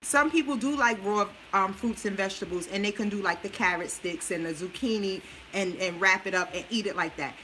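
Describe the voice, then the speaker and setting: A woman's voice: mid-range voice, fairly quick, few pauses, sharp tone, a little hiss or hum, low-quality recording. A busy mom chatting through a meal plan while she cooks, coaching her viewers in a casual, chatty way. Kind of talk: casual cooking livestream.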